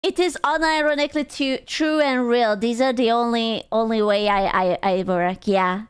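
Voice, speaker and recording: A woman's voice: on the high side, fairly even intonation, normal speed, clean tone. A woman streamer chatting casually with her viewers, playful, swearing freely and laughing often.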